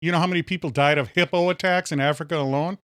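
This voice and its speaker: A man's voice: a little high, steady tone, fast talker, fairly bright tone, clear, resonant tone, dry recording, clean studio sound. A man from Minnesota co-hosting a casual podcast, ranting and joking in loose banter. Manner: ranting, jokey, says "powerful" often. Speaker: podcast co-host.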